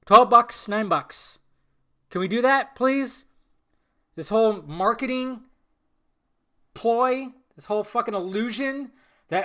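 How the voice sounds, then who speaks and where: A young man hosting a casual solo podcast, swearing freely and swinging between low mumbled asides and loud, exasperated outbursts. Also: slow, pauses often. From Southern California. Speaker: podcast host.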